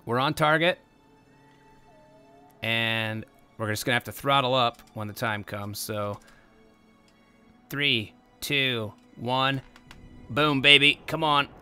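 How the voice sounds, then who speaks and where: A young man giving casual let's-play commentary, excitable and bursting into loud exclamations. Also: medium pitch, takes it slowly, pauses often, clear, resonant tone, faint music behind. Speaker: gameplay commentator.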